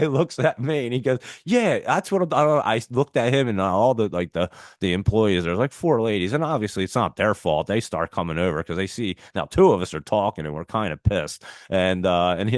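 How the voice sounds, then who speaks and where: A man's voice: on the low side, dry recording, clean studio sound. A middle-aged man hosting a live market show, telling a long story in a rambling, casual way, with laughs and swearing. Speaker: stock market show host.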